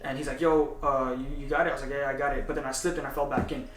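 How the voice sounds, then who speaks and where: A young man telling a story in casual chat, animated and tagging his lines with "right?". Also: mid-range voice, rapid-fire, a little hiss or hum. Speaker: vlogger. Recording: echoey room, mic at a distance.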